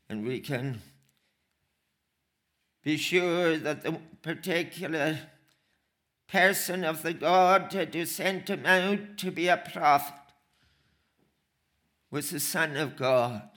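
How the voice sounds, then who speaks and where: A man preaching a sermon, slow and emphatic, repeating phrases for weight. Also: a little high, a bit bright.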